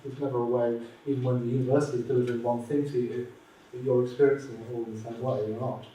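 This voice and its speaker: A man's voice: medium pitch, little pitch movement, racing, dark tone. A man at a conference chatting informally and telling a joke in a chatty way. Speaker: speaker at conference. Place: university conference room. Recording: roomy, distant, faint noise.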